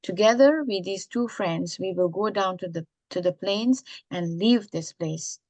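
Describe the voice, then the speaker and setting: A woman voicing a young man, a devoted lover, who speaks in a soft, reassuring, confident way. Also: mid-range voice, measured pace, no echo, natural voice.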